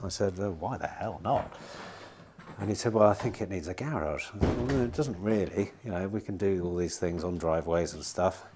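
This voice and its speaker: A middle-aged man who sells used cars rambles casually to the camera in vlog style, cursing occasionally. He speaks at a moderate pace in a voice on the low side, standing outdoors at a sunny car lot amid heavy background noise.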